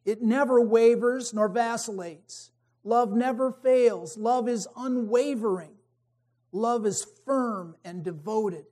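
A man preaching a sermon, emphatic, swinging between forceful peaks and quiet, wry asides. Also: extremely high pitch, slow.

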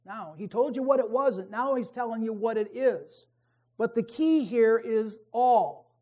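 A man preaching a sermon, emphatic, swinging between forceful peaks and quiet, wry asides. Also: very high-pitched, measured pace.

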